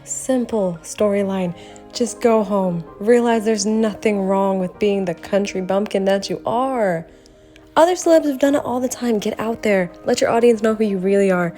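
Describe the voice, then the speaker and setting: A woman narrating her drawing process in a casual vlog, animated and laughing often. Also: mid-range voice. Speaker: art vlogger.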